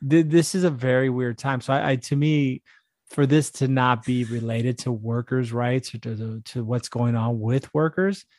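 A man's voice: medium pitch, steady tone, moderate pace, a little mellow, no echo, studio quality. A man co-hosting a podcast in casual, profane banter, riffing and laughing as he talks. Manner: riffing, laughing, mimics voices in quotes. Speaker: podcast co-host.

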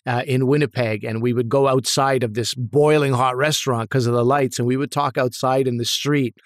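A man's voice: medium pitch, fairly even intonation, a little fast, no echo. A man speaks in an everyday middle register, telling set stories in a loose, rambling way full of restarts and side remarks. The sound is dry and close, with no room around it. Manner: rambling storyteller, many restarts and asides. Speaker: actor guest. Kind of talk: casual interview anecdotes.

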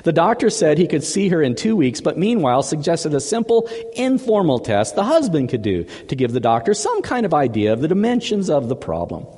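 A male pastor delivers a chatty sermon, repeating words as he goes. His voice is a little high and swoops up and down with lots of animation. The sound carries a long echo from a big hall. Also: sing-song, a little fast, few pauses, darkish tone, breathy edge.

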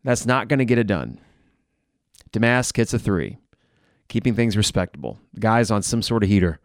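A man hosting a live game reaction podcast, blunt and frustrated, who swears and flares into shouting. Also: on the low side, expressive, moderate pace, dry recording, clean studio sound.

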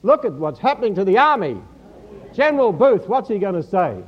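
A man preaching a sermon, animated and joking with the congregation. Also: high voice, fairly quick, muffled recording. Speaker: pastor.

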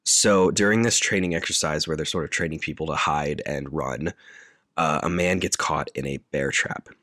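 A man co-hosting a podcast, casually and haltingly recounting a movie plot. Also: extremely low pitch, bright, forceful tone, dry recording, studio quality. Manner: halting, loose, with many fillers. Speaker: podcast co-host.

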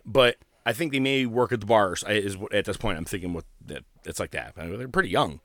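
Animated, swearing man telling a story. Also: fairly low pitch, fairly quick, no echo, studio quality. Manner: profane, animated storyteller, voices others in quotes. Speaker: podcast host. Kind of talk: casual storytelling chat.

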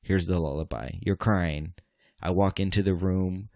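A man's voice: deep voice, steady tone, a little slow, mellow, no echo, clean studio sound. A man hosting a casual podcast, joking and swearing, with sudden mock-angry outbursts. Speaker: podcast host.

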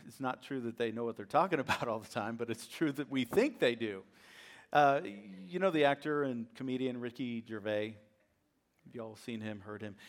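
A middle-aged pastor delivers a sermon in an animated preaching voice. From an even mid pitch he climbs into loud, pressing questions, then drops to soft asides.

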